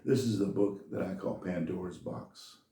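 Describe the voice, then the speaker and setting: Deep dark-voiced guy rambling through a story, echoey room, mic far away. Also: normal speed, a little hiss or hum. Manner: rambling and folksy, with restarts. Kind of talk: casual storytelling monologue.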